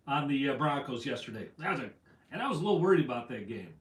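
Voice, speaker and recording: A man's voice: medium pitch, big pitch swings, fast talker. A man hosting a casual fishing livestream, reading out viewer comments in a rambling, self-deprecating way. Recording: echoey room, voice from afar.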